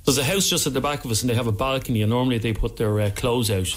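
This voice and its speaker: An Irish man co-hosting a radio show, telling tips in a chatty, animated way from the studio. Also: mid-range voice, racing, faint music behind. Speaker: radio co-host. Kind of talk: casual radio chat.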